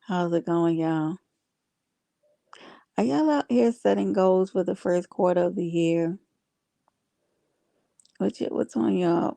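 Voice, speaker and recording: A woman's voice: fairly low pitch, creaky, dark tone, dry recording. A woman hosting a casual livestream, chatting with viewers and reading their comments aloud. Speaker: livestream host.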